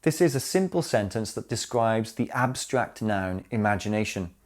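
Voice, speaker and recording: Man calmly explaining English grammar. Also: on the low side. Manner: clear, deliberate explanations with spoken examples. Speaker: English teacher. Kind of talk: scripted grammar lesson narration.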